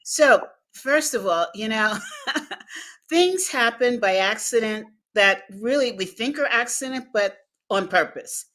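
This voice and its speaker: A woman's voice: a little high, slow. A woman guest in an interview, telling personal stories and acting out the dialogue in them. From United States. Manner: animated storyteller acting out dialogue, laughing. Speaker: guest speaker. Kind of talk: interview storytelling.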